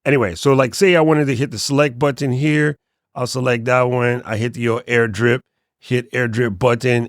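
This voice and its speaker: A man hosting a casual tech tutorial, relaxed and joking, often letting his voice drop off at the ends of sentences. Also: mid-range voice, normal speed, dry recording, clean studio sound. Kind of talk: casual screen walkthrough tutorial.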